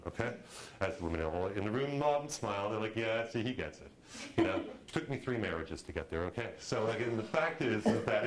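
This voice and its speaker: A middle-aged man teaching a film directing class, talking in a lively, conversational way and acting out quotes. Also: lowish voice, slight background noise, low-quality recording. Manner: animated, conversational, acts out quotes. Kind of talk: lecture to a class.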